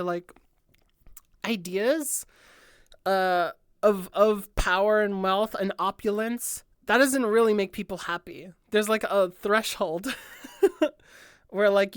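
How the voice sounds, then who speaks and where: A woman's voice: mid-range voice, a bit bright, clean tone, no room sound, studio quality. A woman streamer giving a casual improvised breakdown of an album, rambling with lots of filler words and free swearing.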